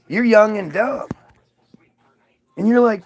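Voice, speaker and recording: A man telling a swearing, animated story, acting out the lines of the people in it. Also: fairly high pitch, moderate pace, vocal fry. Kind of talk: profane anecdote with acted-out voices.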